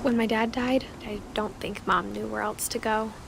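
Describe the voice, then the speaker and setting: A woman's voice: medium pitch, moderate pace, creaky, noisy background, natural voice. Actress voicing a reflective young woman narrator. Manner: calm, reflective storytelling. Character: young woman recalling her family's past. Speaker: game narrator. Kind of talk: scripted game narration.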